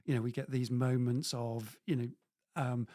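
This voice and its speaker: A man's voice: mid-range voice, little pitch movement, moderate pace, dark tone, no room sound. A male host speaks in a mid-range voice over a video call with a dry, close sound. He is agreeable, backing up his guest with frequent yeahs and affirmations. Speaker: podcast host. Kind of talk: conversational video call interview.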